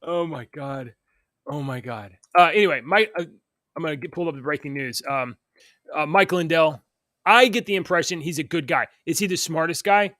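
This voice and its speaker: Bright, higher-voiced man cracking jokes. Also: no room sound, clean studio sound. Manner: joking, quick to laugh, reads news aloud. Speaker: co-host. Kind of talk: casual morning show chat.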